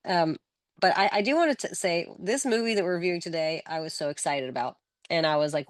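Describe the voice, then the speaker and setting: A woman's voice: fairly low pitch, fast talker, no echo, clean studio sound. A woman co-hosting a casual movie podcast, teasing her friend playfully. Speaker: guest co-host. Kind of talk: casual movie review chat.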